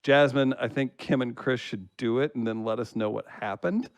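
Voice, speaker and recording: A man with a smooth, resonant voice reads listener comments on a comedy podcast. He teases the hosts and laughs easily between lines. The sound is close and dry, with no room around it. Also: mid-range voice, moderate pace, no room sound. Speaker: producer reading listener comments. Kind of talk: casual podcast chat.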